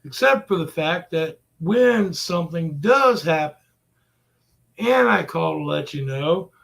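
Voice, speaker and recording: Gravelly, exasperated man venting. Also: fairly high pitch, animated, takes it slowly, a bit bright. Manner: exasperated, repetitive, cursing. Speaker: vlogger. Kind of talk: profane venting rant to camera.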